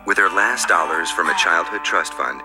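Male narrator, deep voice, somber scripted read over a music bed. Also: normal speed. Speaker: documentary narrator.

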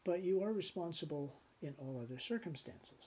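A middle-aged man teaching business law in a conversational lecture, telling stories, acting out quoted voices and clearing his throat often. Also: on the high side, animated, normal speed, darkish tone, a little hiss or hum. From Canada.

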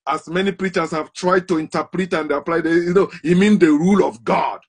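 Brief: husky man, slightly high voice, derisive commentator, laughs between points. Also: fairly even intonation. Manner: scornful, laughs between points, drawn-out emphatic stresses. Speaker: online commentator. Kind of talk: mocking monologue.

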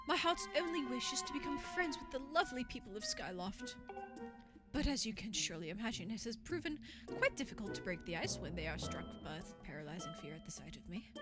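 A courteous, gentle male monster, as a woman puts him on, speaks in formal, effusive phrases. His voice rides high and swoops expressively. Game music plays clearly underneath. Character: polite, gentle male monster longing to be human. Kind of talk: video game character voicing.

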